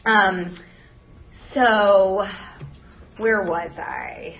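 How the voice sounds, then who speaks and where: A woman's voice: medium pitch, fairly even intonation, drawn-out words. A young adult woman sharing her story at a recovery meeting, rambling with many "like" and "um" fillers. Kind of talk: personal testimony at a meeting. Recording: tinny phone-like recording.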